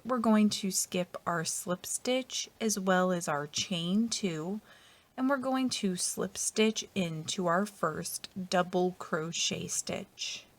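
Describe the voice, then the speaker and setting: A woman narrating a step-by-step crochet tutorial in a patient, methodical way, often trailing off softly at the ends of lines. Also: medium pitch. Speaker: crochet instructor.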